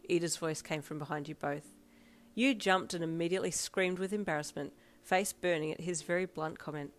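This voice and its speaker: A woman reading a second-person fanfiction story aloud in steady, plain narration. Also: lowish voice, fairly quick.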